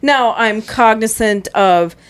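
A woman co-hosting a casual chat, telling an animated story and laughing often. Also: fairly high pitch, slow pace, smooth. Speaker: podcast co-host.

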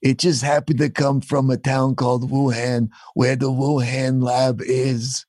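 A man's voice: mid-range voice, flat delivery, unhurried, darkish tone, no echo, clean studio sound, lightly acted. A man doing a comic impression of an evasive, indignant public health official. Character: Fauci impression, small man, evasive and defensive.

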